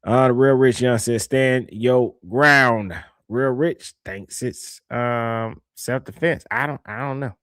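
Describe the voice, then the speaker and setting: A young man, hosting a livestream and giving casual, opinionated commentary in a slangy, animated way that repeats points for emphasis. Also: mid-range voice, measured pace, few pauses, no echo, clean studio sound. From Southern United States. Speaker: livestream host reading super chats.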